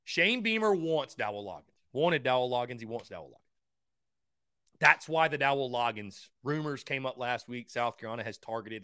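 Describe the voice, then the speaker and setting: A young man hosting a call-in sports talk show, high-energy and rambling, often stumbling over his words as he gets worked up. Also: sharp tone, dry recording, clean studio sound. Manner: stammering restarts. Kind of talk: call-in sports radio chat.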